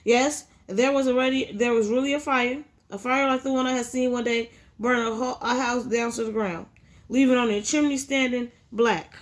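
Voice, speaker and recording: A woman's voice: fairly high pitch, fairly even intonation, normal speed. Woman reading aloud with frequent restarts. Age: adult with a child. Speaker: audiobook reader.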